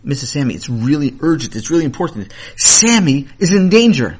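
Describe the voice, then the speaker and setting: A man voicing an excited young boy in a storybook tale, talking urgently and tripping over his words. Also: on the high side, fairly quick, slight background noise.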